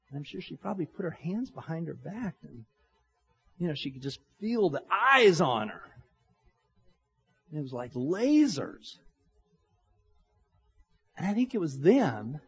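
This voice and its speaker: A middle-aged pastor preaching in a relaxed, storytelling way, like he is talking with the congregation. His voice is husky and sits a little high. The recording is dull and lo-fi, with a long reverb from a large hall. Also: takes it slowly, pauses often. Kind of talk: sermon.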